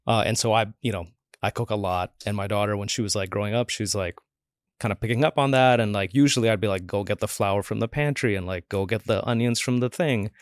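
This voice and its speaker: A man's voice: on the low side, fast, no room sound, clean studio sound. A man in his forties, a podcast guest telling stories in a casual, chatty way, acting out the voices he quotes and filling his talk with "like.". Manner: chatty, acts out quoted voices, many "like" fillers. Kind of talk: casual interview storytelling.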